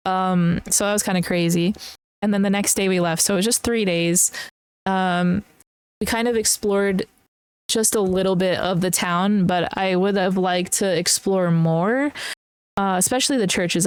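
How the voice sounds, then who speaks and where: A woman's voice: lowish voice, smooth, dry recording. A young woman hosting a podcast, telling travel stories in a rambling, casual way, full of "like" and little laughs. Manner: rambling, filler-heavy, with frequent laughs. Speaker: podcast host. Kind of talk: casual solo travel chat.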